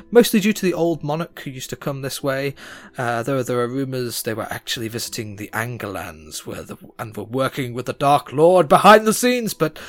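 A man narrating as game master, relaxed and full of pauses. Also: medium pitch.

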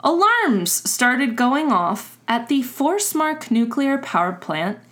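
A woman's voice: high voice, sing-song, slow, fairly bright tone. A woman co-hosting a casual podcast, telling a story with acted-out quotes and casual swearing. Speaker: podcast co-host.

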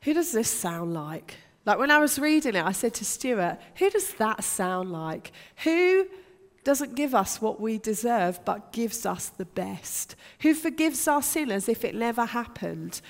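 A woman delivers a sermon in an earnest, emphatic way, stacking rhetorical questions. Her voice sits a little high. The sound carries a long reverb, like a large hall. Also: lively intonation, unhurried, few pauses. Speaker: preacher.

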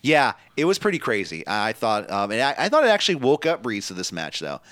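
Profane, laughing podcast host. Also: male voice, fairly low pitch, wildly swooping pitch, fast, a bit bright, dry recording. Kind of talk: casual wrestling recap.

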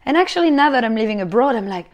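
A woman's voice: fairly high pitch, rapid-fire. A young French woman with a French accent, a native French speaker, chatting casually as a guest and acting out the reactions of the people she quotes. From France. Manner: animated, acts out quoted reactions. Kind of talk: casual chat.

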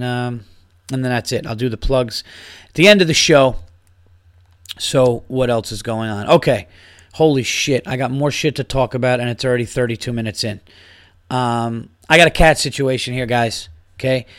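A man hosting his own podcast, a stand-up comic rambling and swearing, working himself up into loud rants. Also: mid-range voice, no echo, studio quality. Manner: rambling, profane, gets worked up and loud. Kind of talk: casual solo podcast rant.

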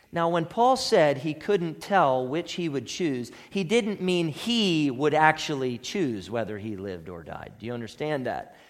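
A middle-aged man preaching a sermon as pastor, earnest and conversational, asking his listeners questions. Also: a little high. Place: church sanctuary. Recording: reverberant church hall.

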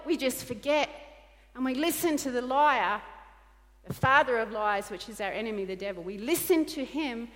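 Fairly high-voiced woman preaching in a reverberant hall. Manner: earnest, repetitive preaching with quoted dialogue. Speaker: pastor. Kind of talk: sermon.

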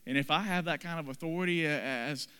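A man preaching a sermon, dramatically acting out the people in the story with sudden loud and soft swings. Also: fairly high pitch, fast, smooth, in a large hall. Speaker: pastor.

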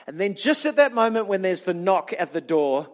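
A man preaching a storytelling sermon in an animated, chatty way, with frequent restarts. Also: high-pitched, normal speed.

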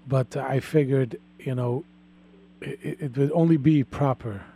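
Male call-in radio host, mellow tone, halting delivery with many restarts. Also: medium pitch, steady tone, gravelly, husky, no echo.

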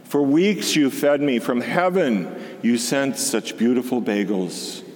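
A man's voice: mid-range voice, takes it slowly, darkish tone, roomy sound, long reverb tail, lightly acted. A man voicing a poor, hungry man who speaks tearfully and earnestly. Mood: grateful.

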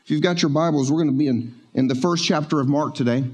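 A male pastor preaching a sermon in a church, conversational and joking, slowing down to stress key words. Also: mid-range voice, a little mellow. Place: church sanctuary.

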